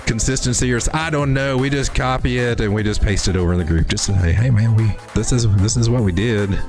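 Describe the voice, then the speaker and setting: Hosting a live crypto stream, a man walks through charts in a folksy, rambling manner, restarting his sentences often. It's casual live market commentary in a medium-pitched, slightly fast voice, with music in the background.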